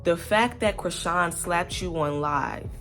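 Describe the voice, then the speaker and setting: A woman's voice: lowish voice, slow pace, loud music behind the voice. A young woman talking casually to camera in a rambling, candid commentary vlog, swearing freely and piling up fillers. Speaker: vlogger.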